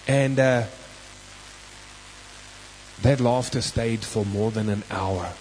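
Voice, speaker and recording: A man's voice: on the low side, takes it slowly, pauses often, a little mellow, a little hiss or hum, rough recording. South African man preaching a story sermon.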